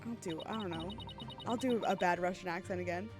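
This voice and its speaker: A woman's voice: on the low side, a little fast, over music. A woman game streamer chatting casually and gushing as she plays, often restarting her sentences. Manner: chatty, gushing, self-interrupting. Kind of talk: casual let's-play commentary.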